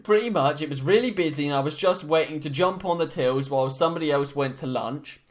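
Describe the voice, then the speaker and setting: Young guy, podcast co-host, slightly higher voice, rambling, casual storyteller. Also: fast. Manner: rambling, lots of fillers and restarts.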